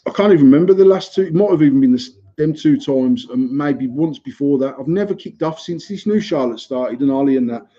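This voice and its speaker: A British man in his thirties hosts a podcast, telling a heated, sweary story in casual chat, a ranting anecdote delivered with a British English accent. His fairly high voice is animated, brisk and dark in tone with few pauses, and the lo-fi recording sounds slightly muffled.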